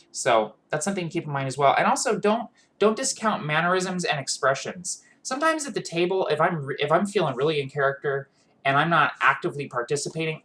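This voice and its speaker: A man's voice: a little high, fairly bright tone. A man gives casual tips on tabletop role-playing. He speaks earnestly and loosely, with frequent fillers and restarts. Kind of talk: casual advice monologue.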